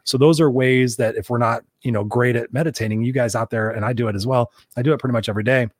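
A man's voice: medium pitch, steady tone, quick pace, no room sound, studio quality. A man co-hosting a podcast, chatting casually, telling rambling personal stories with a bit of swearing. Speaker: podcast co-host and coach.

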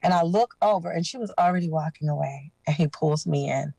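A woman with a fairly low voice tells her life story as a guest on a podcast. She speaks earnestly and with emotion, and her voice sounds close and dry with little room sound. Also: brisk, gravelly, dark tone, breathy edge, dry recording, rough recording. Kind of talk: personal testimony.

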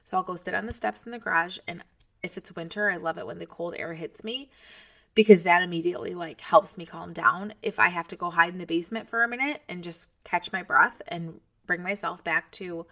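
In a lowish, slightly bright voice at a moderate pace, a podcast host in her thirties offers casual motivation to other moms. Her manner is chatty and encouraging, and she speaks straight to the listener.

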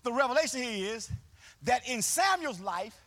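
A man pastor preaching a sermon live in a church, with a call-and-response, sing-song delivery that swells into shouts, and folksy, colloquial phrasing. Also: very high voice, animated, moderate pace. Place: church sanctuary, live service.

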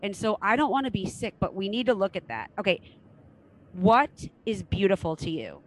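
Female podcast host, middle-aged, upbeat, blunt, mid-pitched, casual chat. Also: big pitch swings, moderate pace, low-quality recording. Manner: enthusiastic, frank, swears casually.

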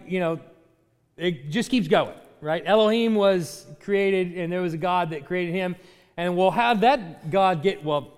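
Animated male teacher, high lively voice. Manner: animated, chuckling, frequent restarts. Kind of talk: class lecture. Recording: hall reverb.

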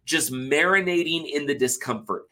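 A podcast guest, a man from Utah, talks in a slightly high voice. He explains things animatedly and keeps a casual, friendly flow. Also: moderate pace. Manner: animated, acts out everyday complainers in mock voices. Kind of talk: casual chat.

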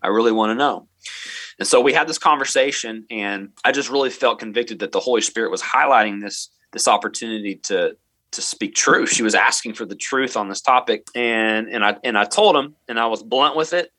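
Earnest bright-voiced man telling a story. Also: medium pitch, no echo. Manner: earnest, halting, many restarts and fillers. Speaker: middle school math teacher, interview guest. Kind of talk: storytelling in a podcast interview.

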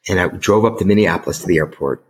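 A man's voice: sits low, fast, a little hiss or hum. A middle-aged man from the United States telling a personal story as an interview guest, emotional, earnest and emphatic. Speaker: guest author.

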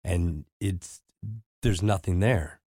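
Very deep, dark-toned man, halting anecdote teller, dry close sound. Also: no room sound. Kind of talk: casual chat.

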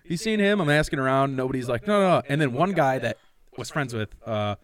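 A man telling a story in a casual, profane chat, acting out quotes with lively energy. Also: mid-range voice, a little fast.

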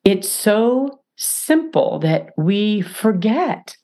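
A woman author as a podcast guest, talking in an emphatic, animated way and acting out little dialogues. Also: mid-range voice, extremely slow. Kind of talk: podcast interview.

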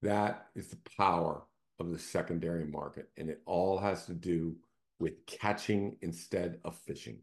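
A man with a somewhat low voice hosts his own show. He talks in a relaxed storytelling way and keeps checking in with his listeners. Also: moderate pace, creaky. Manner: conversational, often checks in with "right?". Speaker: real estate team CEO hosting a show. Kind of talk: casual storytelling monologue.

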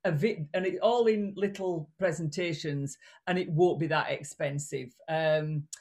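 A woman's voice: low-pitched, unhurried. A woman with a regional British accent, a communication coach speaking as a guest in a casual interview over a video call, blunt and chatty. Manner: animated, blunt, chatty with restarts.

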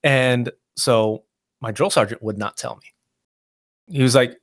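A man's voice: medium pitch, a little slow. A man in his thirties, an army veteran guest in a casual interview, telling stories and acting out quoted dialogue with laughs. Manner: animated storyteller, acts out quoted dialogue with laughs.

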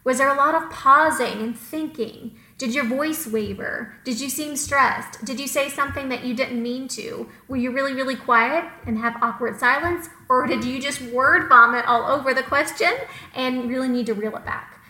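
Bright, high-voiced upbeat woman. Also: moderate pace, reverberant, poor audio. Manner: upbeat, emphatic, repeats words for stress. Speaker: podcast co-host. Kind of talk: advice podcast talk.

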